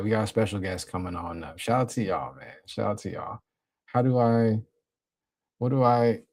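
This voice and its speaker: Young male streamer, mid-pitched, easygoing slang, casual chat-reading host at a desk mic. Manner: laid-back slang-heavy, shouting out chat. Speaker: livestream host.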